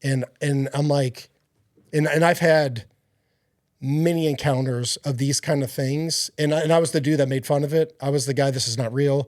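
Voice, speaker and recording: A man's voice: on the high side, steady tone, moderate pace, darkish tone, dry recording, studio quality. A man speaking as a podcast guest, giving an earnest, rambling personal faith testimony with many fillers and restarts.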